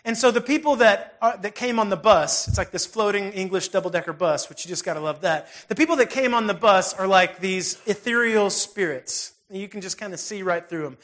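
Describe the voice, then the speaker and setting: A man with a notably high, fairly bright voice delivers a sermon in an easygoing, conversational way. He speaks plainly and earnestly, like a pastor addressing his congregation directly.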